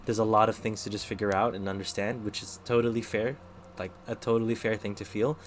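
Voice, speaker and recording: A man's voice: fairly low pitch, level tone, fairly quick, a little hiss or hum. A man streaming live, giving casual tarot readings and chatting with viewers, thinking aloud with lots of fillers. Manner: talks to chat between readings.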